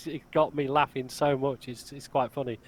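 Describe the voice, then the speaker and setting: A man in his forties in casual conversation, chatty and animated as he tells stories. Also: medium pitch, moderate pace. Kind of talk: casual chat.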